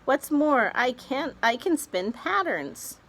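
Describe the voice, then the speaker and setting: A woman's voice: sits high, big pitch swings, slow pace, fairly bright tone, voice pushed up, heavily acted. A woman reading aloud, voicing a proud female spider in a storybook. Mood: boastful.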